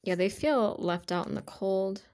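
Woman tarot reader, mid-pitched, casual and rambling, leans on filler words. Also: unhurried, darkish tone.

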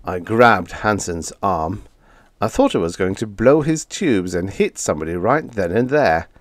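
Expressive low-voiced male storyteller. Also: a little slow, no echo. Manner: expressive, first-person storytelling. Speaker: audiobook narrator. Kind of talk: scripted narration of a comic story.

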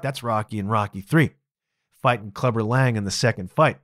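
A man's voice: on the low side, moderate pace, a bit bright, no room sound. Dry-voiced man musing on a podcast. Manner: conversational, musing, laughs often. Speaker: podcast host. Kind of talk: casual reflective monologue.

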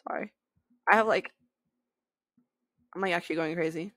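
A woman's voice: on the low side, moderate pace, pauses often, a bit bright, dry recording. A young woman giving casual, giggly commentary as she plays an online game, chatting to her viewers. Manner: giggly, bubbly, talks to viewers. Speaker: gaming video creator.

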